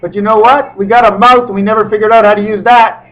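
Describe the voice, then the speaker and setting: A man talking in a rambling spiritual monologue to his webcam, his pitch swinging suddenly between high and low. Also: fairly even intonation, fast talker, few pauses, a bit bright. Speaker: webcam video maker. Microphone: webcam microphone. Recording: dull lo-fi webcam audio.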